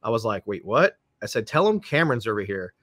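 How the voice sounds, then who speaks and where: A man's voice: fairly low pitch, sing-song, fast, no echo. A man, a podcast guest who tells long, rambling anecdotes and acts out the voices of people he quotes. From Florida, United States. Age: 50s. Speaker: podcast guest, police dog trainer. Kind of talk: casual storytelling.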